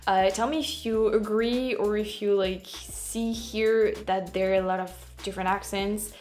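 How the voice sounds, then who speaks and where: A woman's voice: mid-range voice, fairly even intonation, darkish tone, soft background music. A woman with a French accent, a native French speaker, hosting a casual reaction chat and often stopping to correct herself. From France. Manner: halting, self-correcting, laughs at herself. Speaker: YouTube host.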